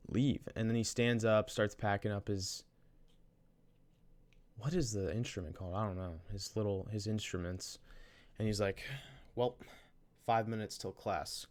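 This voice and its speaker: A young man casually telling a story from his college day, rambling, restarting his sentences and using slang. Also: fairly low pitch. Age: young adult. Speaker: vlogger.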